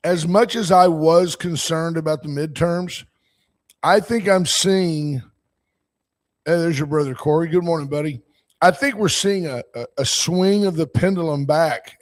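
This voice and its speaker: A man in his sixties hosting a call-in talk show, rambling and opinionated, reading out listener comments as he goes. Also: fairly high pitch. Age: 60s. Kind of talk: casual political call-in talk.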